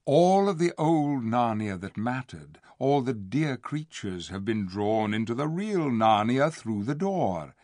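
A man voicing a gentle, wise old lord who speaks softly and reassuringly in an audiobook. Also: medium pitch, expressive, unhurried, few pauses, no echo, clean studio sound, close to an everyday voice. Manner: soft-spoken and reassuring. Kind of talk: audiobook character voice.

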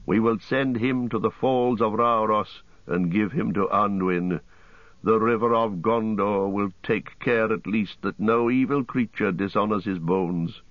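A man voicing a weary, grim male ranger and leader, speaking gravely. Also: on the low side, measured pace, no room sound, lo-fi sound, close to an everyday voice.

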